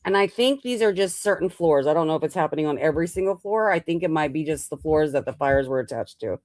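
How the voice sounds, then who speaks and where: A woman's voice: low-pitched, animated, darkish tone, no echo. A woman co-hosting a paranormal talk show, chatting and reading reports aloud, often stopping to correct herself. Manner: halting, self-correcting when reading. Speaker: co-host. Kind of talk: casual chat and reading aloud.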